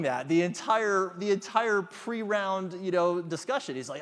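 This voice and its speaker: A man's voice: medium pitch, moderate pace, few pauses, in a large hall. A man giving a motivational talk to an audience, engaging them with questions. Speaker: conference speaker.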